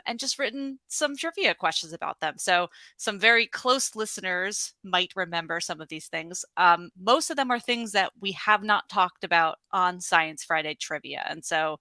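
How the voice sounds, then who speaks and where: Bright, chatty woman trivia host. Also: fairly low pitch, expressive, normal speed, no echo. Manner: upbeat, chatty, laughs often, many fillers. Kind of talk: hosting a virtual trivia night. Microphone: video call.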